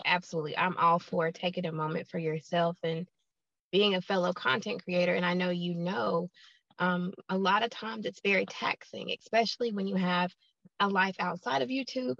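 Brief: American woman, thirties, strong vocal fry, earnest podcast guest, dull dry recording. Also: lowish voice, fairly even intonation, a little fast, a bit bright, no echo. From Alabama, United States. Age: 30s. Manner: earnest, repeats herself, frequent "um". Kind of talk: casual interview chat.

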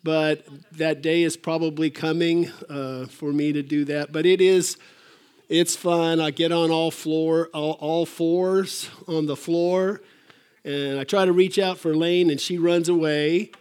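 A man's voice: fairly high pitch, fairly even intonation, unhurried, a little mellow, clean tone. Older male pastor, folksy sermon. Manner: folksy, rambling, with hesitant fillers and restarts. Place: church.

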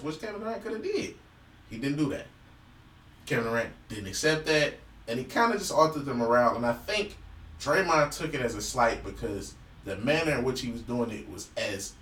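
A man in a casual sports debate, animated and argumentative, swearing freely. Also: mid-range voice, roomy sound, far from the mic, a little hiss or hum, low-quality recording.

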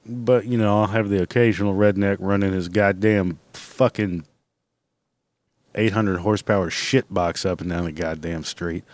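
A man's voice: deep voice, fairly even intonation, moderate pace, a little mellow, no echo. A man hosting his own podcast from home, ranting in a casual, blunt and rambling way with constant swearing. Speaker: podcast host. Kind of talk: casual solo podcast rant.

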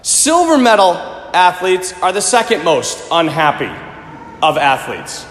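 Animated male preacher in echoey church. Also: sits high, unhurried. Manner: animated, swings from shouting to hushed. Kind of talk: sermon. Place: large church. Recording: echoey church, long reverb, faint ambience.

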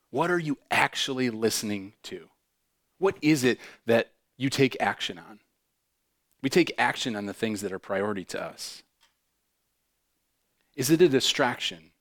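Animated joking male preacher. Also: medium pitch. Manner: animated, joking asides with quick bursts and soft drops. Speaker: pastor. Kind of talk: sermon.

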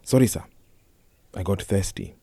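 A man voicing a rough young male handyman who stammers and hesitates, then turns forward. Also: deep voice, moderate pace, warm tone, no room sound. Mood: nervous.

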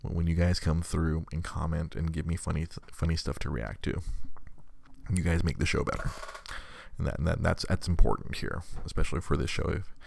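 A man's voice: a bass voice, fairly even intonation, fairly quick, creaky, darkish tone. A man hosting a live podcast in casual, rambling chat, swearing a lot and laughing often. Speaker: podcast host.

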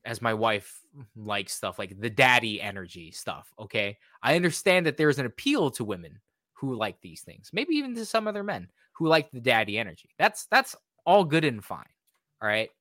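A young man chatting casually on a podcast, sarcastic and animated, often acting out characters in mocking voices. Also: medium pitch, moderate pace, dry recording, clean studio sound. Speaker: podcast co-host.

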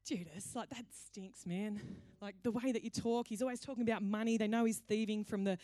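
A woman's voice: medium pitch, fairly even intonation, a little fast, dark tone, dry recording, close to an everyday voice. A woman voicing disgusted bystanders who scoff in a casual way, in a sermon retelling.

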